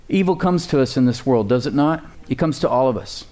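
A man's voice: medium pitch, lively intonation, a little fast, few pauses, warm tone. A man preaching a sermon as pastor, conversational and joking, building up emphasis in places.

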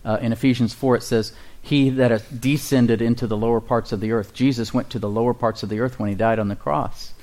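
Delivering a call-and-response sermon, a pastor speaks at a middle pitch with a steady, darkish tone. He questions his listeners and slows his pace to read scripture aloud.

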